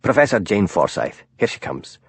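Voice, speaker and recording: A man putting on a bullying, thick-headed chief inspector with a Glasgow accent. The voice is heavy, truculent and growling, with lively swings in pitch. It is dry and close, read for an audiobook. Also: normal speed, breathy edge, no room sound, heavily acted.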